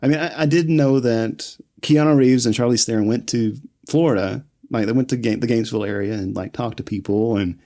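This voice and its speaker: A man's voice: mid-range voice, brisk, hardly any pauses, dark tone. A man raised in the American South, casually recapping a film scene by scene as podcast co-host, laughing often. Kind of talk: casual movie recap chat.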